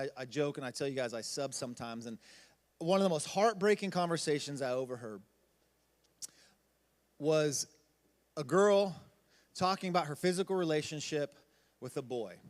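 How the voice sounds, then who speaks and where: Man, youth pastor, high voice, casual chatty sermon, long hall reverb. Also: moderate pace, long pauses. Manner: casual, conversational, acts out quotes in character voices. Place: church hall.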